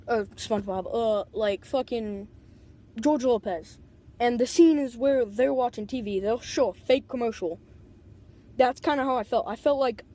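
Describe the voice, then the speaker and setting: A woman telling a rambling, casual story into a tablet mic, filling every pause with "like" and swearing freely. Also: fairly high pitch, warm tone. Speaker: vlogger.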